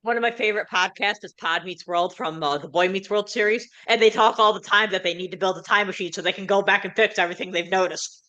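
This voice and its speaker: A woman hosting a rewatch show, hard of hearing, recapping plot in quick run-on sentences. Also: mid-range voice, sharp tone. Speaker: podcast host. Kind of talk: episode recap and casual chat.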